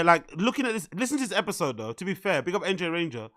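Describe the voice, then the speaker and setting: A man's voice: sits high, big pitch swings, quick pace, fairly bright tone. A man streaming casual reaction commentary, mocking and profane, repeating his punchlines.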